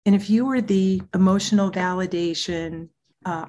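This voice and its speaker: A woman speaking as a child therapist and parent coach in an interview, talking in an animated, earnest and emphatic way. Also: mid-range voice, moderate pace. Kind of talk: interview conversation.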